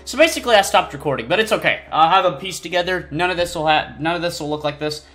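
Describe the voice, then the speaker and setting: A man casually commenting on his own gameplay. He rambles, pokes fun at himself and breaks into sudden excited squeals. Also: fairly high pitch, quick pace. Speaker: gaming channel host. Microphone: desk mic, no face cam. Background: faint game music.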